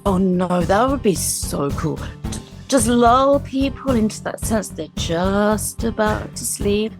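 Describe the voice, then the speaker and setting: A woman's voice: mid-range voice, lively intonation, takes it slowly, music in the background. A woman with a British accent, a podcast guest chatting playfully and giggling often. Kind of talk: casual chat.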